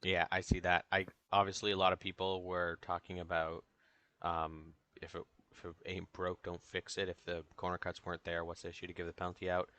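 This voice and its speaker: A man's voice: deep voice, monotone, fairly quick, sharp tone. A young man hosting a casual online talk show, loose and joking, with plenty of fillers.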